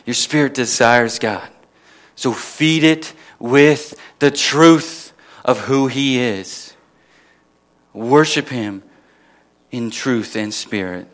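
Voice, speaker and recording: A man's voice: medium pitch, slow pace, long pauses, a bit bright. A man preaching a sermon at a church gathering, asking his listeners questions and building to emphatic peaks.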